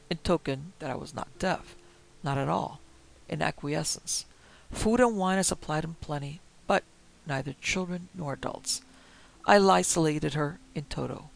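Man narrating a story, gravelly voice. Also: a little high, rough recording. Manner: measured, quiet, gravelly reading. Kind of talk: reading a Victorian story aloud.

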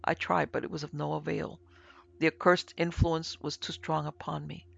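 A man narrating a classic story as an audiobook in a solemn, measured way, in a dry, dull lo-fi recording. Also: fairly high pitch, little pitch movement, vocal fry, a bit bright, husky. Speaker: narrator and producer.

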